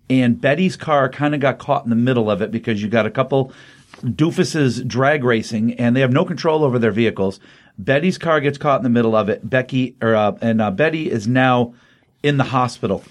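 Chatty middle-aged man co-hosting. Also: medium pitch. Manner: conversational, chatty plot retelling with frequent fillers. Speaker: podcast co-host reviewing comics. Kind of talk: casual review chat.

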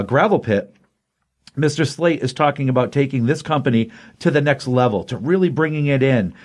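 Man, casual comic book reviewer, chatty, rambling, acts out quotes. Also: mid-range voice. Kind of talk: casual spoken comic recap.

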